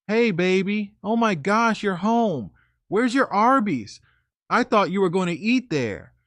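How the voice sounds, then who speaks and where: A man voicing a young woman, a pleading ex-girlfriend, in a high, coaxing, girlish voice. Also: very animated, a little slow, a bit bright, dry recording, clean studio sound, exaggerated voice. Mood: sweet.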